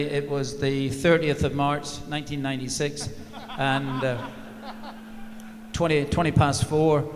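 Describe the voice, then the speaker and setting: A man's voice: mid-range voice, slight background noise. An older man recounts an old story to a live audience in a wry, self-mocking way. His voice sits in a middle register, and it is full of "uh" and "um". A long reverb hangs in the large hall around him. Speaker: former football manager, guest speaker. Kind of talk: anecdote told on stage. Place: large arena at a live event.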